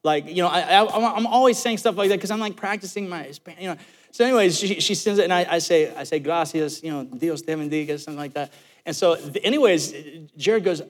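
A man preaching a sermon as pastor, telling a joking story with lively asides. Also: high voice, fairly quick. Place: church sanctuary. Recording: long hall reverb.

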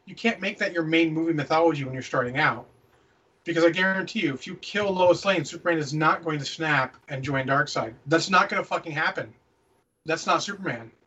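A man's voice: fairly high pitch, bright, forceful tone, slightly rough, far from the mic, highs cut off. A man co-hosting a casual movie review podcast, opinionated and ranting, swearing freely. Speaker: podcast co-host.

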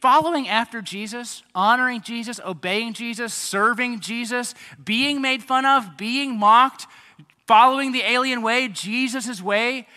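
A man preaching a sermon to a young congregation, animated and speaking straight to them. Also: extremely high pitch, big-room sound. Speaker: pastor.

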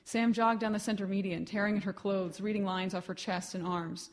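A woman reads her own fiction aloud at a live literary event. She tells it in a measured, expressive way, at a middle pitch for a woman. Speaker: writer reading her fiction. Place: reading event.

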